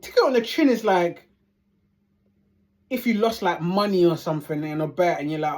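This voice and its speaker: A woman with a lowish, somewhat dark voice speaks at a moderate pace. She's a football fan vlogger in the middle of an angry rant, heated and full of swearing, hammering home her points by repeating phrases.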